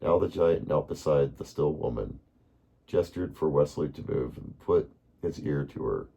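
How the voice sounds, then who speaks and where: A man reading a bedtime story aloud in a calm, unhurried way, now and then correcting himself. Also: a bass voice, creaky, lo-fi sound, a little hiss or hum.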